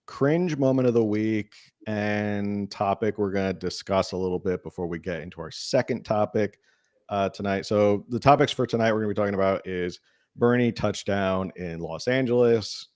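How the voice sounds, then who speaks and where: Man, low-pitched, podcast co-host, casual political chat, wry. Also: a little mellow.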